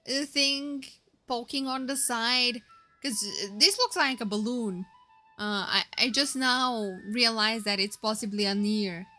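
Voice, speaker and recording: A woman's voice: on the high side, unhurried, sharp tone, soft background music. A young woman streaming a game, chatting casually and playfully with her viewers. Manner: giggly and playful, reacting to chat. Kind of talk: casual live-stream commentary.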